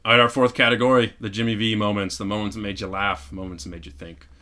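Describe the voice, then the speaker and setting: Man, podcast co-host, casual chat, earnest, reflective, lowish pitch, bright tone. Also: little pitch movement. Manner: earnest, reflective, quick asides.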